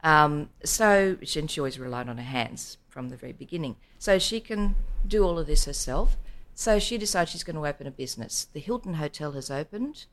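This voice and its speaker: Middle-aged Australian woman, deep-toned guest, lively storyteller who acts out quotes. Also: fairly quick, hardly any pauses. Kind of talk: storytelling in casual chat.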